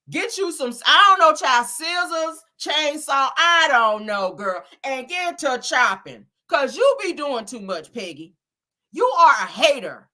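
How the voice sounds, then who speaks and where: A woman's voice: a little high, pushed and bright. A woman host giving sassy, mocking gossip commentary, exasperated and teasing.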